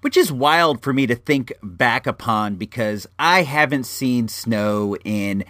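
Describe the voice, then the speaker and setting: A middle-pitched man in his forties, from Illinois, spins a loose personal story, circling back and restarting phrases. His voice sits close and dry, with no room sound at all. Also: slow, dry recording. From Illinois, USA. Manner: rambling, frequent restarts, animated. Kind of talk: casual spoken anecdote.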